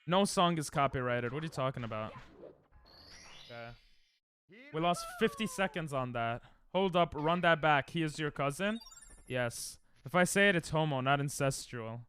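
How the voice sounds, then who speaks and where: A man's voice: on the high side, animated, moderate pace, a bit bright, a little hiss or hum. A young man streaming a game live at home into a desk mic, joking crudely and sarcastically with chat and snapping at the game in frustrated outbursts.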